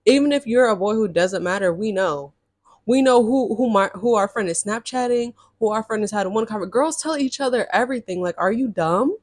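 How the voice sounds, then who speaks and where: A woman's voice: fairly high pitch, brisk, darkish tone, dry recording, studio quality. A young woman from California telling a casual storytime in a chatty, exasperated, slangy way. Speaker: storytime vlogger.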